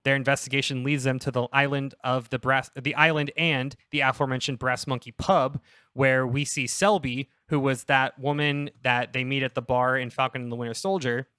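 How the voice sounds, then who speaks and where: A young man on a casual comedy podcast, pitching a story in a rambling, self-interrupting way and laughing at his own jokes. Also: fairly even intonation, normal speed, sharp tone, clean tone, no room sound, clean studio sound.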